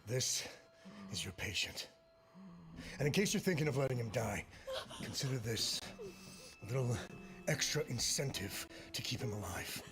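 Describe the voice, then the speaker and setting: An actor playing a gruff kidnapper who threatens a doctor, curt and commanding, in a game cutscene. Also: male voice, mid-range voice, lively intonation, moderate pace, pauses often, lightly acted. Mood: menacing. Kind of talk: video game cutscene acting. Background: game music.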